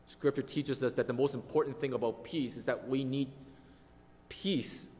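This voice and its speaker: A man's voice: mid-range voice, fairly even intonation, normal speed, mellow, a little hiss or hum. A man preaching a sermon as pastor, earnest and emphatic, leaning hard on key words. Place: church sanctuary. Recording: long reverb of a church hall.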